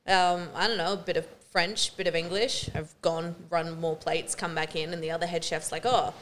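An Australian woman co-hosting a podcast, telling work stories in lively, swearing casual chat and acting out what people said. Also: on the low side, a little fast, slight background noise. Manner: animated storytelling, swearing freely, acting out quotes. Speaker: podcast co-host.

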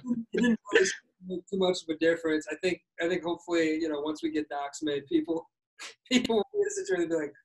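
Man, casual podcast chat, slightly high voice, reflective, talkative. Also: sing-song, fast talker, gravelly, poor audio.

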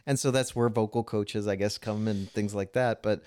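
Brief: male podcast co-host, low-pitched, dry close sound, loose rambling delivery. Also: fairly even intonation, moderate pace, darkish tone, dry recording. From United States. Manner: rambling, frequent restarts, laughs while telling anecdotes. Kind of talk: casual conversation.

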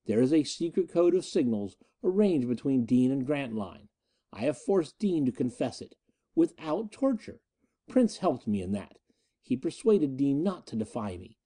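A man voicing a cunning, ruthless male space-pirate leader who speaks in a measured, coldly matter-of-fact way. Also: mid-range voice, big pitch swings, warm tone. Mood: cold, menacing.

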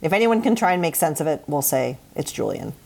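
Low-voiced chatty woman co-host. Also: sing-song, fairly quick, gravelly, a little mellow. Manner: chatty, restarts a lot, laughs easily. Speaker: podcast co-host. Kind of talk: casual chat.

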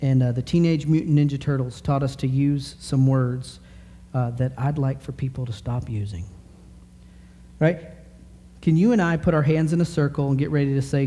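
A man in his thirties preaching a sermon in an animated, conversational way, full of rhetorical questions. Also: medium pitch, normal speed. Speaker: pastor.

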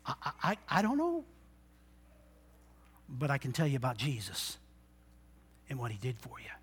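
A man preaching a sermon, moving from quiet, intimate talk to loud exhortation and acting out the voices of people in his stories. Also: high voice, breathy edge. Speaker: pastor.

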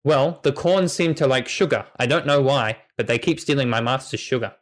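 A man's voice: medium pitch, fairly quick, lightly acted. A man voicing an eager, loyal male farm dog who speaks in simple, broken sentences and pleads for help.

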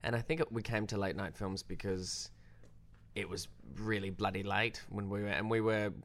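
A young Australian man, a filmmaker guest, telling a story in casual, self-deprecating chat. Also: moderate pace. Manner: animated, self-deprecating, jumps pitch when quoting.

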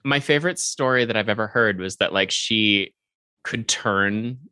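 A man's voice: on the low side, moderate pace, sharp tone, clear, resonant tone, dry recording. A man co-hosting a comedy podcast in casual chat, making dry, teasing remarks. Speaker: podcast co-host.

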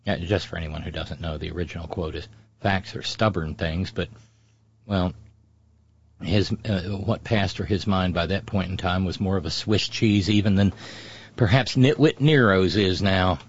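A man hosting a political talk show delivers sarcastic, mocking remarks in a low, slightly breathy voice at normal speed. He sneers and mimics people mockingly, and the lo-fi recording sounds dry and dull.

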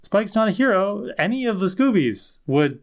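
Higher-voiced man musing on a podcast. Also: big pitch swings, moderate pace. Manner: reflective, argumentative, says "right?" often. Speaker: podcast co-host. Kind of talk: casual analytical chat.

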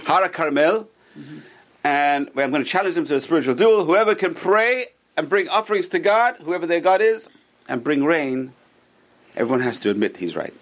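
A man's voice: on the high side, expressive, moderate pace. A man teaching a Torah class to a small group, telling stories with animation and putting questions to his listeners.

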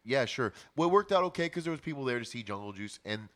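A man's voice: mid-range voice, animated, quick pace, fairly bright tone. A man in his thirties telling rambling stories about booking shows in a casual podcast chat. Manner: rambling anecdotes with fillers and laughs.

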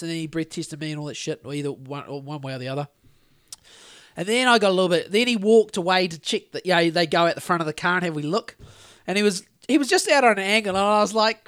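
A man's voice: sits high, quick pace, a bit bright, dry recording, clean studio sound. A man with a New Zealand accent, co-hosting a podcast and telling a long, rambling story in casual chat, with plenty of swearing. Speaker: podcast co-host.

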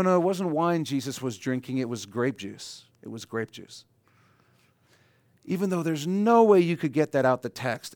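A man preaching, with a slightly high voice. He mixes scripture reading with dry humor and plain talk to his congregation. The sound is close and dry, with no room echo. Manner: conversational preaching with wry asides. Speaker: pastor. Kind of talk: sermon.

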